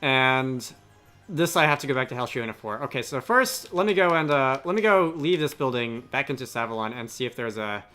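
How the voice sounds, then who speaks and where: A man's voice: medium pitch, lively intonation, fairly quick, sharp tone, soft background music. A man giving casual, rambling gameplay commentary as a let's play host, often correcting himself mid-sentence.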